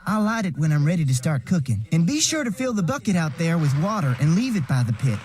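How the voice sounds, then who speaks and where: An actor playing a busy, talkative ranch cook in a game, speaking in a folksy, chatty way. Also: male voice, a little high, very animated, fast talker, a little mellow, a little hiss or hum.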